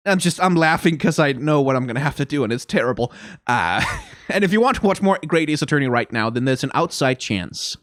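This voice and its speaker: A man hosting a gaming video talks casually to his viewers, rambling and self-deprecating. His voice is lively, with wide swings in pitch. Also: brisk, no echo. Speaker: let's play host. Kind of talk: casual commentary.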